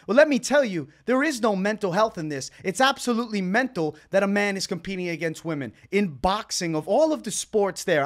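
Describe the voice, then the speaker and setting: A high-pitched man delivering a heated reaction commentary. He rants with indignation and hammers his points home by repeating the same words over and over. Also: a bit bright. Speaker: MMA commentator.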